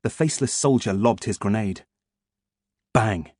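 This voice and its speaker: A man reading an audiobook as first-person scripted narration, in a lively, expressive way. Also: medium pitch, moderate pace, breathy edge, no echo, clean studio sound.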